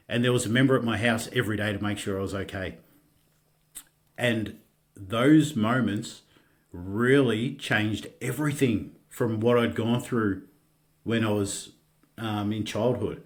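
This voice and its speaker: This voice belongs to a middle-aged man with an Australian accent, pitched on the low side with fairly even intonation. As a podcast guest he tells his story with candor, frequently stalling and restarting and swearing offhandedly.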